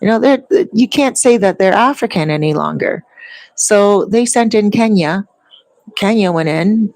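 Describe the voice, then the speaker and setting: A woman's voice: medium pitch, lively intonation, a little slow, a little mellow, no echo, poor audio. A woman talking casually to her viewers, rambling and long-winded as she tells stories. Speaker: vlogger. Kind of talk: casual chat.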